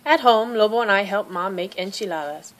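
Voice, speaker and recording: A woman reading a children's picture book aloud, narrating softly in the first person as a young girl. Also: mid-range voice, brisk. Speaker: storybook reader.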